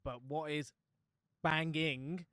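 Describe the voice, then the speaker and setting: A man co-hosting a podcast in casual chat, relaxed and quick to chime in with agreement. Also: a little high, clean tone, no room sound, clean studio sound. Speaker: podcast co-host.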